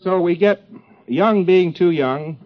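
A man's voice: sits high, takes it slowly. A man giving an informal lecture to a class, rambling with joking asides and many fillers. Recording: dull lo-fi old tape recording.

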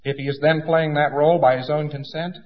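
A man lecturing in an emphatic, folksy style who acts out small anecdotes as he goes. His voice sits fairly high. The old, dull recording carries a long hall reverb. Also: fairly even intonation, fairly quick.

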